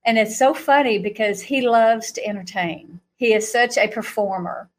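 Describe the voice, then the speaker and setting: A woman recounts a vision as a guest, her voice sitting a touch high. She tells it with animation, acting out each quote and laughing often. Her pace speeds and slows with the story. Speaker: guest speaker.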